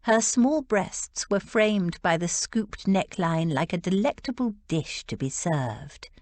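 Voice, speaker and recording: A woman narrating a historical romance audiobook in a deliberate, expressive way. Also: lowish voice, no echo.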